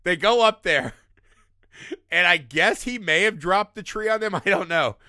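An animated man with a high, bright voice, swooping in pitch as he retells scenes from a movie. He laughs often and puts on the lines himself. The sound is close and dry. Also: normal speed, no room sound. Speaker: podcast co-host. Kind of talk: casual film-review chat.

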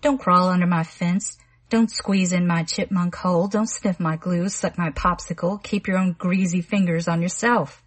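A woman reading a menacing, smooth-talking young man who coaxes and taunts in slangy patter. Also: fairly low pitch, fairly even intonation, natural voice. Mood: taunting. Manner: slangy, wheedling drawl with rapid patter.

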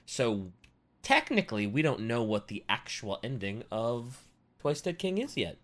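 Animated, swearing male podcast co-host. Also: mid-range voice, a little slow. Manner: casual, swears freely. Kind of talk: casual book discussion.

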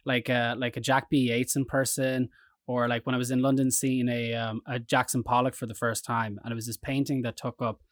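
A man's voice: medium pitch, brisk, no room sound. List: man, Irish accent, casual rambling storytelling, dry close mic. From Ireland. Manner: rambling anecdotal storyteller, animated quoted voices. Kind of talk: casual chat.

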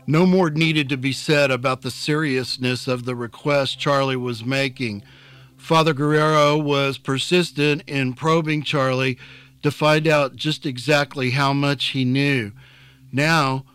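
A man reading a novel aloud as narrator, in a calm, measured way. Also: mid-range voice, clear, resonant tone, no echo. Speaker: audiobook narrator. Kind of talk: scripted narration.

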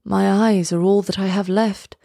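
Woman reading a gentle sad male prince, storybook, soft solemn measured voice, dry sound. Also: medium pitch, flat delivery, vocal fry, no room sound. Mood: sorrowful.

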